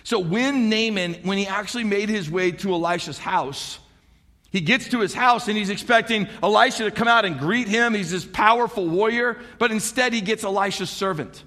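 A man preaching a sermon in an animated, conversational way, with frequent rhetorical questions to the congregation. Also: high voice, moderate pace, big-room sound.

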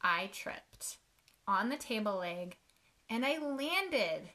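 A woman's voice: mid-range voice, big pitch swings, slow pace, pushed and bright. A woman author in her thirties co-hosting a casual chat, telling self-mocking stories and laughing often. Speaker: podcast co-host, author.

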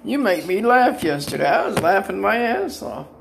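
A man's voice: high voice, very animated, normal speed, creaky, slight background noise. An older man talks in a rambling personal monologue, defiant and taunting, and he breaks into laughter now and then. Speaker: vlogger.

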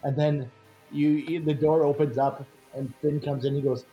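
A man's voice: on the high side, flat delivery, unhurried, dark tone, highs cut off, soft background music. A man running a tabletop game, narrating in a casual, chuckling way.

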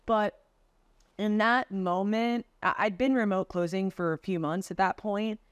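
A woman's voice: medium pitch, unhurried, smooth, no room sound. Chatty young woman telling sales stories. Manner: chatty, lots of "like" and "dude", acts out quotes. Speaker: podcast guest, remote sales closer. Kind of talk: casual interview storytelling. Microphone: video call.

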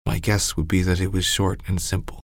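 A man with a very low voice reads a first-person story in a steady, somber tone. The recording is close and dry, with no room sound around him. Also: brisk, creaky, no echo. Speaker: narrator.

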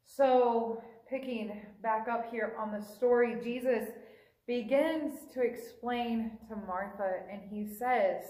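A woman preacher gives a sermon, retelling a scripture story in a relaxed, storytelling way. Her voice sits high, and she briefly voices the quoted characters. The sound carries a noticeable room echo. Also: takes it slowly. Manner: conversational storytelling, acts out quoted dialogue. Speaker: pastor.

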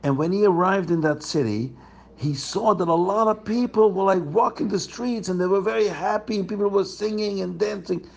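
Brief: male storyteller for kids, animated, gravelly and husky tone. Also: high-pitched, normal speed, muffled recording. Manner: animated, asks listeners questions. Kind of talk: storytelling for children.

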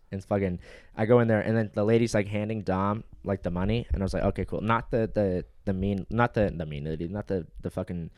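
A man's voice: fairly low pitch, steady tone, fast, a little mellow, no echo, clean studio sound. A man on a podcast telling a story casually, swearing a lot and laughing often. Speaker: podcast co-host.

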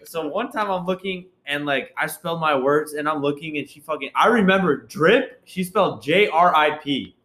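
A man's voice: on the high side, normal speed, few pauses, bright, forceful tone. A young man telling a joking school story to friends, laughing along. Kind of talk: casual storytelling chat. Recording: echoey room.

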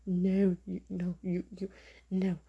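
A woman's voice: on the low side, completely flat delivery, takes it slowly, creaky, breathy edge, highs cut off. A young woman hosting a podcast, speaking frankly and opinionatedly in a casual monologue full of fillers. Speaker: podcast host.

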